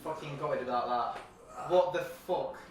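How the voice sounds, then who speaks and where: A young man with a slightly high voice co-hosts a casual boxing show, bantering unhurriedly with lots of jokes and swearing. He's captured from a distance in an echoey room with heavy background noise.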